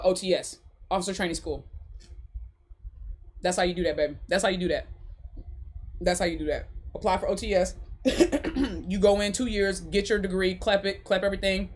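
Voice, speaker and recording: A young woman hosts a loose live podcast and answers her chat off the cuff. She laughs a lot, curses freely and circles back to the same phrases. Her pitch sits in an ordinary middle range. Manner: animated, laughing often, swearing, repeating phrases. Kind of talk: casual live-stream chat.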